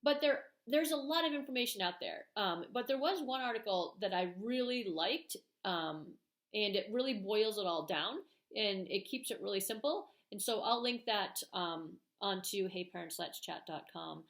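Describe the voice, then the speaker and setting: A woman's voice: mid-range voice, lively intonation, normal speed, echoey room. Middle-aged woman chatting parenting tips to camera, lots of ums, acts out little bits of dialogue. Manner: chatty, uses many fillers, acts out parent and kid lines. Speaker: parenting channel host. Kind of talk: casual advice talk to camera.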